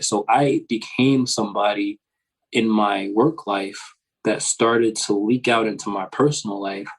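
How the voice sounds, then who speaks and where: A man's voice: fairly low pitch, poor audio. A man in his thirties, a financial coach, answering interview questions in a reflective, conversational way and often checking in with "right?".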